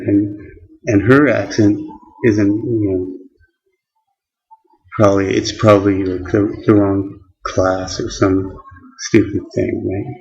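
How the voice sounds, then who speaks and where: Slow, halting man rambling to camera. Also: fairly low pitch, a little mellow, muffled recording. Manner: halting, many restarts and fillers. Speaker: vlogger. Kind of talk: rambling casual monologue.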